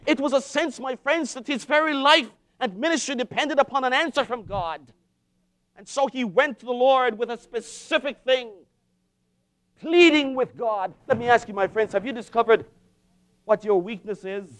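A man preaching a sermon in an impassioned way, with dramatic pauses and repetition. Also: very high-pitched, fairly bright tone, no echo.

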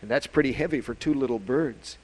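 A man voicing a cautious mother owl in a church children's story, speaking gravely and slowly with warnings. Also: mid-range voice, a little mellow, natural voice, poor audio.

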